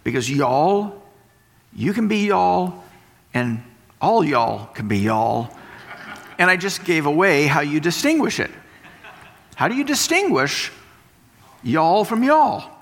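A man's voice: fairly high pitch, very animated, takes it slowly, creaky, long pauses, a bit bright. A man preaching a sermon, explaining and repeating points for emphasis. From West Texas. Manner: explanatory, emphatic teaching with repetition. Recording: long hall reverb.

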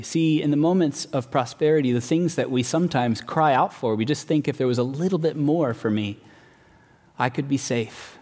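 A man preaching a sermon in an earnest, measured way, slowing down to stress key words. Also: medium pitch, a little mellow. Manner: earnest, measured, slows for emphasis. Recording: long hall reverb.

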